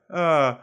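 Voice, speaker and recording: A man's voice: a little high, fairly bright tone. A man with a Boston accent, a comedian hosting his own podcast, ranting casually and swearing a lot while laughing at his own jokes. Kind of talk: solo comedic podcast rant.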